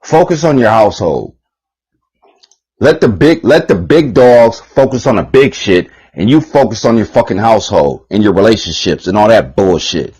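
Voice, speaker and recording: A man's voice: on the low side, lively intonation, moderate pace, darkish tone, husky, rough recording. A man giving a rambling, heated, profane monologue on his channel, repeating himself and swearing often. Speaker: channel host.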